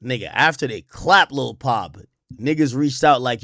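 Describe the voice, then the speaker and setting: A man hosting a live stream, reacting to news with animated, profane commentary. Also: on the high side, fairly quick, no echo, clean studio sound. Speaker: streamer host.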